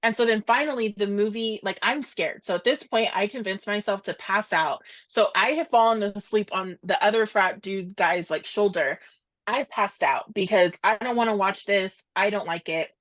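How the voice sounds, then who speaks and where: Telling a story casually as a podcast co-host, a young woman is animated and quotes others in fast asides. She speaks at a medium pitch.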